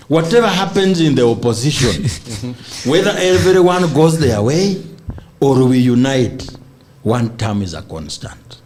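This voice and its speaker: A man's voice: medium pitch, very animated, unhurried, darkish tone, a little hiss or hum. A man with a Kenyan accent, a political guest on a podcast, arguing emphatically and mixing Swahili into his English. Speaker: political guest, senatorial aspirant. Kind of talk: animated political podcast debate.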